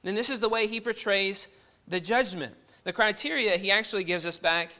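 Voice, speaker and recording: A man's voice: sits high, normal speed, sharp tone. A man preaching a sermon to his congregation, earnest and full of rhetorical questions.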